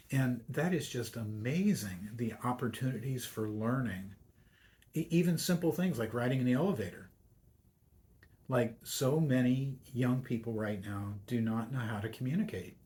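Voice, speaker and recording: An older man at a middle pitch talks as a guest on a radio show. He speaks in a reflective, story-telling way and slips into the voices of the people in his anecdotes. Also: darkish tone. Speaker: university chaplain, Jesuit priest.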